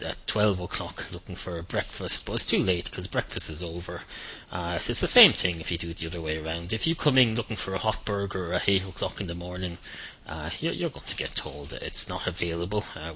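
A middle-aged Irish man hosting a podcast, delivering a deadpan, meandering comic monologue full of fillers and restarts. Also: deep voice, a little hiss or hum, poor audio. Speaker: podcast host. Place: at home at night.

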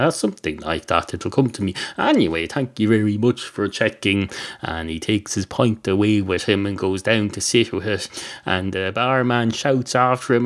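A man's voice: on the low side, very animated, moderate pace, gravelly. A man telling a rambling comic monologue, wry and digressive, often correcting himself mid-sentence. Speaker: comedic storyteller.

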